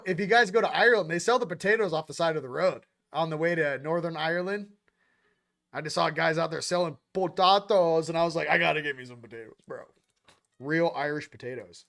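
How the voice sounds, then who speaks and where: Rambling slangy man, fairly high voice. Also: expressive, quick pace, fairly bright tone. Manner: rambling, slangy, jumps between topics. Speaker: host. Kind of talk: casual spiritual livestream chat.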